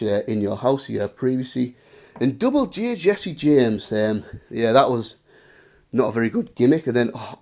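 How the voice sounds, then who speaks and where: A man in his thirties with a Northeast English accent talks wrestling history in a relaxed, chatty way, breaking into loud impressions now and then. His voice sits mid-range. The recording is a little dull and lo-fi. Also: medium pitch. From northeast England. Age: 30s. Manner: chatty, animated storytelling with shouted impressions. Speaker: podcast host. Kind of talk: casual wrestling commentary.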